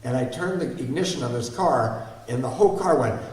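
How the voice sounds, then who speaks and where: A man's voice: mid-range voice, animated, fairly quick, darkish tone. A man in his sixties telling a candid, self-deprecating personal recovery story to an audience, asking them questions as he goes. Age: 60s. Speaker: guest speaker. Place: large hall before an audience. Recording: echoey hall, mic far off.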